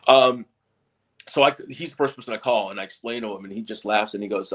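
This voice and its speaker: A man's voice: on the low side, fast talker, fairly bright tone. A middle-aged man, a stage hypnotist, telling stories in a casual interview and often repeating and restarting his words.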